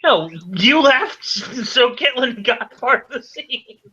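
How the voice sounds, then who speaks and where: Animated, bright woman game master. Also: high-pitched, slow, highs cut off, a little hiss or hum. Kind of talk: narrating a tabletop role-playing game.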